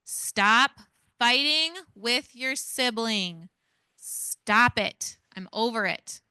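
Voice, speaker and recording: A woman acting out an exasperated mother who scolds her child with sharp, repeated commands. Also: medium pitch, steady tone, moderate pace, gravelly, clear, resonant tone, dry recording, clean studio sound. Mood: scolding, exasperated. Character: exasperated nagging mother yelling at her kid.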